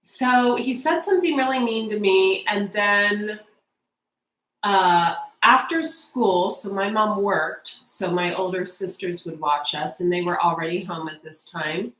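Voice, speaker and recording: A woman's voice: medium pitch, a little slow, fairly bright tone, echoey room, low-quality recording. A woman in her forties giving a casual tarot reading, chatty and emotional as she tells a personal story straight to her viewers. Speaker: tarot reader.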